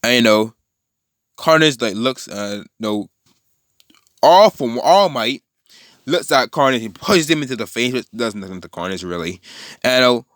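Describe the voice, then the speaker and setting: A man casually retelling a fan story out loud, rambling and often correcting himself mid-sentence. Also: medium pitch, animated, a little slow, pauses often, dry recording, clean studio sound. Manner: rambling, with many restarts and self-corrections.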